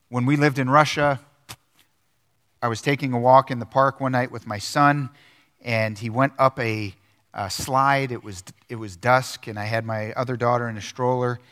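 A man's voice: mid-range voice, a bit bright. Earnest man preaching a sermon. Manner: earnest storytelling with frequent restarts and filler words. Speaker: pastor. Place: church sanctuary.

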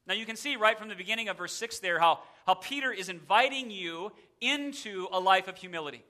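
A man's voice: high-pitched, animated, moderate pace, bright, forceful tone. A male pastor preaching a sermon in a church, emphatic and repeating a verse with shifting emphasis. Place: church sanctuary.

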